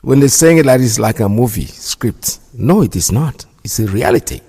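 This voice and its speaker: A man's voice: mid-range voice, lively intonation, normal speed, dark tone, slightly rough. A man hosting a radio show, giving indignant, preachy commentary and repeating himself for emphasis. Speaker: radio host. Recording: long hall reverb.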